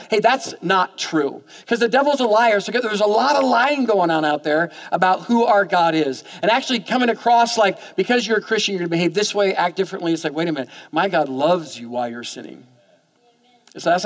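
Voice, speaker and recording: Fast-talking, high-voiced male pastor. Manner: stammering repeats of words. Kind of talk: sermon. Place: church.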